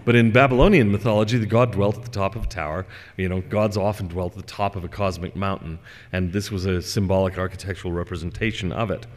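A man's voice: low voice, fairly even intonation, fast talker. Scholarly man lecturing in a hall. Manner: scholarly, digressive, gently humorous. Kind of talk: scripture lecture.

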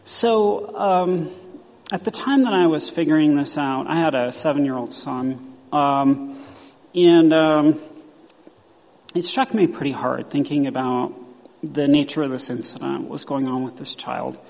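A man's voice: on the high side, a little slow, vocal fry, a little mellow, in a large hall, dull audio. A male historian in his thirties giving a thoughtful talk, with many fillers and restarts. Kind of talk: lecture talk.

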